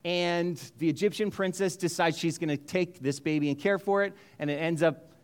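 A man's voice: fairly high pitch, steady tone, moderate pace. A male pastor telling a story in a sermon, casual and joking, with many restarts.

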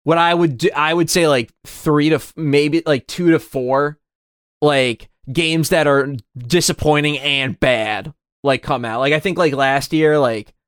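A young man with a somewhat high voice rambles through casual podcast chat, restarting his sentences and swearing freely. He often trails off quietly at the end of his sentences. The sound is dry and close, with no room echo. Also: fairly even intonation, measured pace, clean tone. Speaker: podcast co-host.

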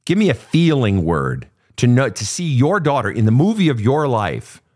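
A man in a confrontational coaching session, swearing freely and pressing hard with repeated questions. His pitch swings widely from line to line, with a middle-range voice. He talks bluntly and keeps pushing for answers. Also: sing-song, moderate pace, darkish tone. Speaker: host.

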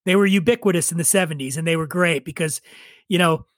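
A man's voice: fairly high pitch, fast talker, fairly bright tone, dry recording. A man in his forties, a podcast guest, telling a rambling story with profane, wry asides. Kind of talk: casual storytelling chat.

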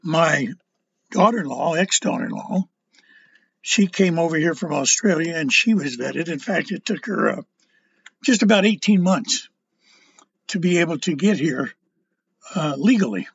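An older man giving a casual political monologue, rambling and halting, often stumbling over his words. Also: a little high, lively intonation, vocal fry, fairly bright tone, slightly rough, no room sound, lo-fi sound. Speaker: political commentator.

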